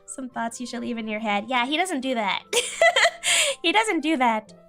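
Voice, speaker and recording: A woman's voice: a little high, measured pace, faint music behind. A woman streamer chatting casually with viewers, telling a family story and laughing often. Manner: animated, quotes relatives in voices.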